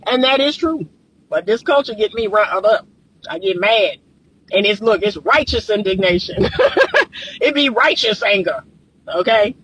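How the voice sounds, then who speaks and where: This relationship coach and counselor talks to livestream viewers from his car as he drives, casual and passionate, getting riled up along the way. His high voice is animated, a bit bright, and slightly rough, and he speaks at normal speed.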